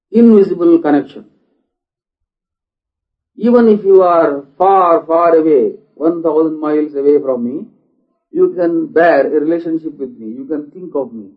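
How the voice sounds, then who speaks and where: A man giving a philosophical lecture, deliberate in manner and asking many rhetorical questions. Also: fairly high pitch. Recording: dull lo-fi recording.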